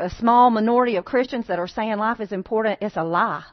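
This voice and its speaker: A woman's voice: fairly high pitch, fast talker, few pauses, dull audio, some chatter behind. A woman speaking to a church congregation, earnest and folksy, rallying her listeners with questions and appeals. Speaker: pregnancy center speaker at a church. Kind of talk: church talk with slides. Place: church sanctuary.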